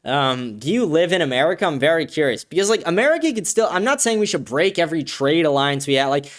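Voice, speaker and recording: A man's voice: on the high side, sing-song, fast. A man hosting a livestream, reading viewer comments and answering them in a blunt, profane, offhand way. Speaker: show host.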